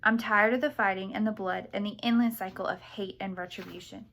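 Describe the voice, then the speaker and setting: A woman voicing a cunning young sorceress who speaks softly and sweetly, sometimes in a put-on Southern drawl. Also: mid-range voice, steady tone, brisk, creaky, a little hiss or hum. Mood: cool, sharp. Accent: put-on Southern drawl at times. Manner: soft, sweet, gentle when coaxing.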